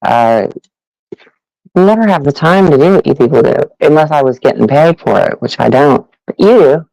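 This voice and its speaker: Man, audio panel host, slightly high, gravelly voice, unhurried, angry, sarcastic rant, dry close sound. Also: expressive, darkish tone, no echo, rough recording. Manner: angry, profane, sarcastic, rambling. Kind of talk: ranting casual monologue.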